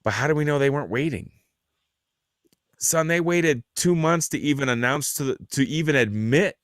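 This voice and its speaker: A man's voice: a little high, moderate pace, no echo, clean studio sound. A man hosting a podcast, chatting casually, telling stories with lots of swearing and mocking voices. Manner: animated storyteller, mocking voices, swears a lot. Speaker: podcast host. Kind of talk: casual profane chat.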